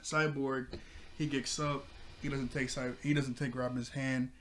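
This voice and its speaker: Male host, casual recap delivery, chatty and giggly, mid pitch. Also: little pitch movement, unhurried, fairly bright tone, a little hiss or hum. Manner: chatty, laughs often, loose filler words. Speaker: show reviewer and channel host.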